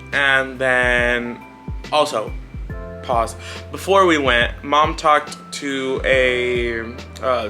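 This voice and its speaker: Bright and forceful, with a mid-range voice, a roughly twenty-year-old vlogger tells a personal story as a casual life update. He's rambling and blunt, with swearing and filler words throughout.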